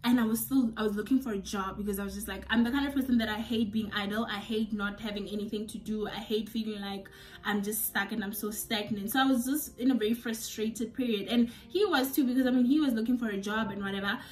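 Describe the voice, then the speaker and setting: A woman's voice: mid-range voice, steady tone, quick pace, distant mic. A young woman from South Africa telling a personal story to her viewers in a casual, confiding vlog. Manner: chatty, confiding, addresses viewers as guys. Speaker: YouTuber.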